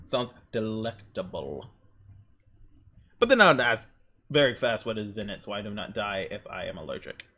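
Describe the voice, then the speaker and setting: A young man streaming while he draws, rambling through excitable stories and exclamations. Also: fairly low pitch, quick pace. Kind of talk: casual chat while drawing on stream.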